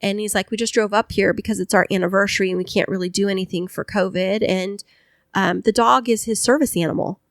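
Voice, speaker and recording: A woman in her thirties co-hosts a podcast and tells a story in a relaxed, chatty way. She acts out the voices of the people she quotes. Her voice sits at a medium pitch and sounds close and dry. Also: fast, dry recording. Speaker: podcast co-host. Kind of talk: casual storytelling chat.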